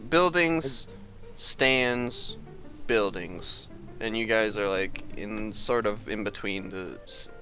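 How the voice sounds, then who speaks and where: A man's voice: lowish voice, slow pace, sharp tone, faint music behind. A young man running a tabletop game as game master, narrating casually with fillers and laughs.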